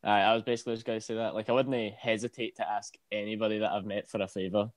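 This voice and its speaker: A man's voice: fairly low pitch, little pitch movement, fast, no room sound. A Scottish man, a musician guest, chatting in a friendly way. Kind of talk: casual panel chat.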